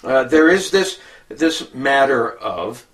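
A man preaching a Bible teaching sermon, slow and halting with many filler sounds. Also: medium pitch, big pitch swings, a bit bright, distant mic.

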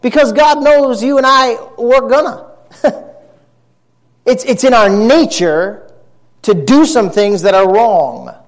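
A male pastor with a notably high voice, delivering a church sermon. He talks earnestly to his congregation and drops the odd dry, wry aside. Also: animated, slow pace, pauses often.

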